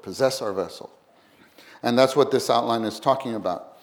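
A man preaching a sermon, animated, swinging from loud to hushed and acting out little quotes. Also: mid-range voice, moderate pace.

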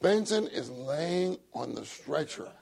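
An older man with a husky, gravelly voice, telling a humorous story in a sermon and laughing often. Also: on the high side, very animated, slow, darkish tone. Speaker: church speaker.

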